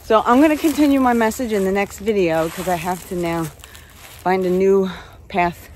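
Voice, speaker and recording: A woman's voice: medium pitch, moderate pace, a little mellow, poor audio. A woman chatting earnestly while walking outdoors in the woods, out of breath. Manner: chatty and earnest, self-described spiritual practitioner. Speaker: vlogger. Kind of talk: casual walking vlog. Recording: outdoor field recording with noise.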